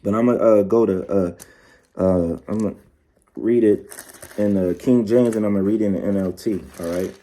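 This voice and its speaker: Laid-back man preaching with a dark voice. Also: fairly low pitch, steady tone. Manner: repeats "all right" and "man" as tags; reads verses slowly. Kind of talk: casual scripture teaching.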